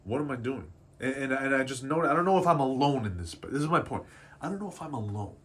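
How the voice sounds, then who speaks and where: A man's voice: mid-range voice, lively intonation, fast talker, a bit bright. Emotional rambling man in his twenties. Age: 20s. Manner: emotional, rambling, self-doubting, swears casually. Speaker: artist vlogger. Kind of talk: candid confessional vlog. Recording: faint background noise.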